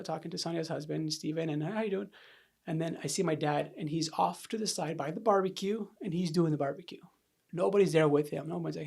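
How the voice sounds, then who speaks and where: A man's voice: on the high side, fast, gravelly, slightly rough. A man in a podcast interview, openly telling a personal story and acting out what people said. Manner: candid, animated, acts out quoted voices. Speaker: podcast guest. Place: podcast studio.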